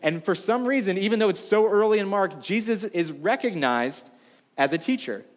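A man's voice: high voice, lively intonation, moderate pace, long reverb tail. A man preaching a sermon to a congregation in a casual, conversational way, full of asides. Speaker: pastor. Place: church room before a congregation.

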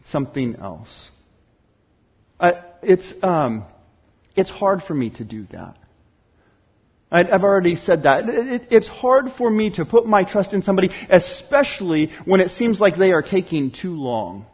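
A man's voice: high voice, very animated, a little slow, breathy edge, lo-fi sound. A pastor preaching a candid, conversational sermon, acting out little dialogues and often restarting his sentences. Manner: stammering restarts.

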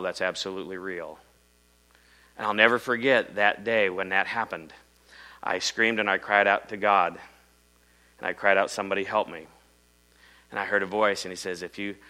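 Bright, forceful preacher man from Iowa. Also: poor audio. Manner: dramatic storytelling, swings from loud emphasis to hushed low lines. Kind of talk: sermon.

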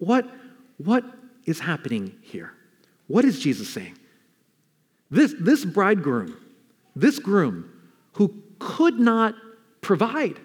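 A male pastor preaching a sermon, animated, dropping low for solemn lines and acting out quoted voices. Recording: reverberant hall.

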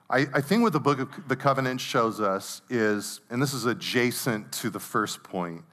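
Bright-voiced man preaching a sermon. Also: mid-range voice. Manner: conversational preaching with stories and scripture readings. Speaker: pastor.

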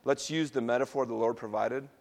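A middle-aged male pastor preaching a sermon, telling personal stories in a relaxed, conversational way and laughing at himself now and then. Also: medium pitch, fairly quick, gravelly.

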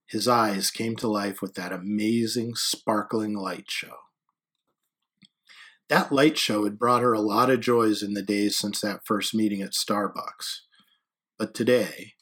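A man narrating an audiobook in a measured, quiet storytelling manner. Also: fairly low pitch, breathy edge.

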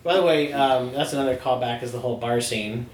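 A man co-hosting a casual podcast, steering the talk with relaxed questions. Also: mid-range voice, a little fast, roomy sound, slight background noise. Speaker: podcast co-host. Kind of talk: casual chat.

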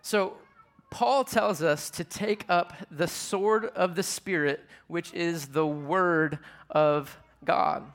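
A man's voice: on the high side, slow, a bit bright. A man preaching a sermon to a live audience in a conversational way, asking them questions as he teaches. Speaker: pastor.

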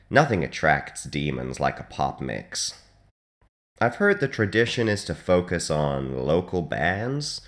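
Super deep voiced guy doing a deadpan radio dj bit, voice swoops up and down a lot. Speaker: hospital radio DJ. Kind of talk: deadpan comic radio monologue.

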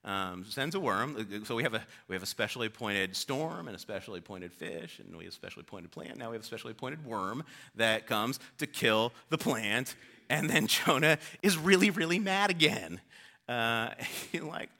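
A man's voice: mid-range voice, lively intonation, moderate pace, creaky, pushed and bright. A male pastor preaching a sermon in an informal, conversational storytelling way.

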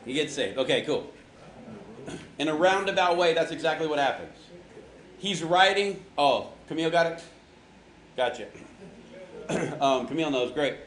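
Man leading a youth Bible talk, jokey and slangy, slightly high voice, roomy hall. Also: expressive, normal speed, pauses often, a bit bright. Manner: joking, quizzes the audience, slangy. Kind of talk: casual Bible lesson to a group. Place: large room with an audience. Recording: echoey hall with faint ambience.

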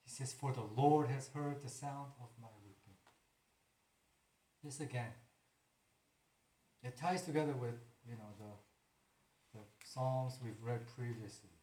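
Male preacher, mid-pitched, earnest delivery that swells to firm proclamations; reverberant room. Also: slow, long pauses, dark tone. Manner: earnest, rising to emphatic declarations. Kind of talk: sermon. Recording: roomy echo.

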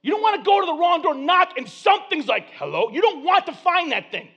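A man's voice: extremely high pitch, a little fast. A man from Flint, Michigan preaching a sermon, telling stories and acting out voices. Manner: animated storytelling, acting out voices. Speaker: pastor.

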